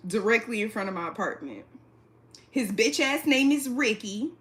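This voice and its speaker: A woman hosting a casual livestream from her apartment, talking straight into a phone or webcam, blunt and profane, laughing quickly and reading the chat aloud. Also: a little high, lively intonation, a little hiss or hum. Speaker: livestream host. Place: indoors at home, an apartment.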